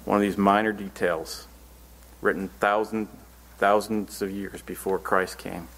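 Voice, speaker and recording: A man's voice: on the low side, fairly even intonation, a little slow, a bit bright, slight background noise. A man preaching a Bible-teaching sermon, reading scripture verses aloud and then explaining them in earnest, plain words.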